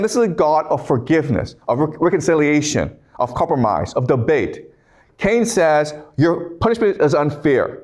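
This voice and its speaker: Man lecturing, slightly high voice, middle-aged, reads scripture then explains it casually, keeps asking okay. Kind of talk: classroom lecture.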